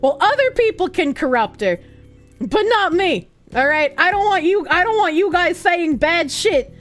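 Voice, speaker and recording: A young woman streaming, chatting casually and reading out viewer messages, animated and profane, with bursts of giggling. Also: moderate pace, faint music behind. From United States. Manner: animated, giggly, profane, with squealing high laughs.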